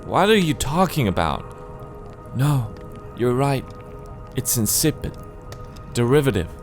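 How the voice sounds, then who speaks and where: A man's voice: medium pitch, sing-song, unhurried, faint music behind, pitched above the performer's own voice. A man voicing a wistful middle-aged woman, a former romance novelist, reading game dialogue in a dreamy, nostalgic way. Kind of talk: let's play dialogue reading.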